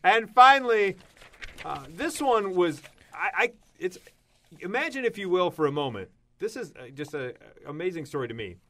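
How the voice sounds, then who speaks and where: Animated man telling odd news stories. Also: high voice, moderate pace. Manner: animated storytelling with sudden loud exclamations. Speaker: radio show co-host. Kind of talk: casual chat reading odd news stories.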